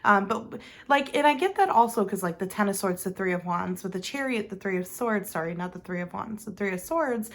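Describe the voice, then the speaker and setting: Chatty woman doing a tarot reading. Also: medium pitch. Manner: chatty, rambling, filler-heavy, laughs at herself. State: has the hiccups. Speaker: tarot reader. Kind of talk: casual tarot reading to camera.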